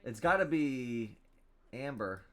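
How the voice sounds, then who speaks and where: A man giving live commentary on his own game, thinking out loud, reading card text aloud and bursting into loud cheers. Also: mid-range voice, expressive, takes it slowly. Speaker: gameplay streamer.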